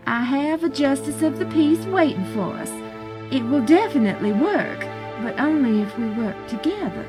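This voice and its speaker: Lady doing a scheming woman, kinda high voice, sharp and pushy, music under it. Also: lively intonation, normal speed. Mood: urgent. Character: scheming woman plotting a forced marriage.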